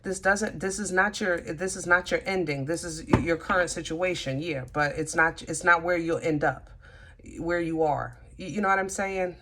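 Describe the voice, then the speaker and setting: A woman's voice: fairly low pitch, normal speed, bright, forceful tone, a little hiss or hum. A woman giving a casual tarot reading, thinking aloud and talking to her cards as she goes. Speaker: tarot reader.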